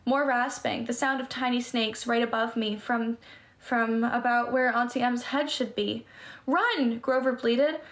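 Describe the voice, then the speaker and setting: A woman's voice: a little high, steady tone, unhurried. Woman reading a novel aloud, stumbling. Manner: stumbles and restarts words while reading. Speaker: reader.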